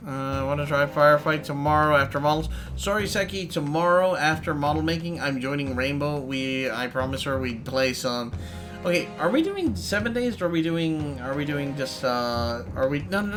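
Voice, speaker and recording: A man's voice: fairly high pitch, animated, moderate pace. A man streaming live, chatting casually and rambling to his viewers while he plays. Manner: rambling, chatty, talks to chat while playing. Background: game music.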